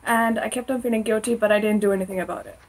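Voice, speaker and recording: Young Australian woman, podcast co-host, husky, chatty storyteller. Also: mid-range voice, steady tone, racing, poor audio. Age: young adult. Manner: chatty, laughs often, personal storytelling. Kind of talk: casual faith chat.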